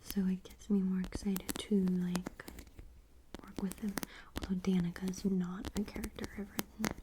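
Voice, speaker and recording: A young woman rambling in a soft-spoken ASMR style, slipping often into a whisper, at home in her apartment. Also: medium pitch, flat delivery, normal speed, noisy background. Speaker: ASMR creator. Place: apartment room. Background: faint tapping and scratching clicks.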